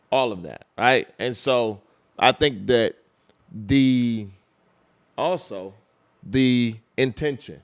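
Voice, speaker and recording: In a relaxed interview, a male record label executive talks with animation in a mid-range voice, often starting his phrases over.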